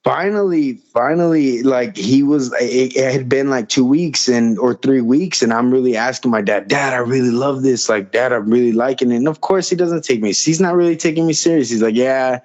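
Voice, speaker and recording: This podcast guest speaks in a mid-range, darkish tone at a moderate pace, hardly pausing as he wanders through a personal anecdote. Repeated phrases and acted-out dialogue fill his casual storytelling, and the lo-fi recording sounds slightly dull.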